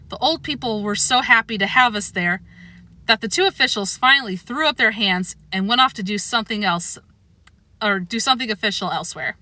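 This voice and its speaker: A woman reading a children's book aloud with expressive, animated storytelling, close to the mic. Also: mid-range voice, dry recording. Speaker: narrator.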